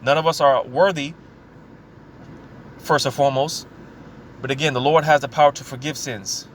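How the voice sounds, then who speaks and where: A man teaching scripture in a loose, conversational way, peppering his talk with "man" and "you know". He slows right down when he reads verses aloud. His voice sits at an ordinary pitch, with faint traffic sounds behind him. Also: fairly even intonation. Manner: casual, repeats filler words like "man" and "you know". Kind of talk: informal preaching.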